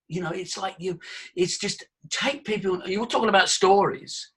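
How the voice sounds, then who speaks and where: An older man, a voice coach, giving an exuberant, theatrical talk to a live audience, swinging between loud and soft. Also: high voice, moderate pace, husky.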